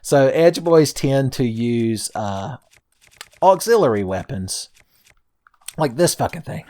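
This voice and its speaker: A man's voice: mid-range voice, lively intonation, a little slow, vocal fry, long pauses, a little mellow. A man hosting a let's play, rambling and joking through casual gameplay commentary, swearing freely and laughing often.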